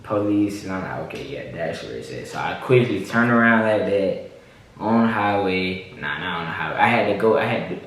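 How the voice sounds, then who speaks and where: A man's voice: sits low, fairly quick. A young man, a vlogger, telling a story casually with lots of fillers and restarts. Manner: relaxed, repeats himself, lots of fillers. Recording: echoey room, mic at a distance, faint noise.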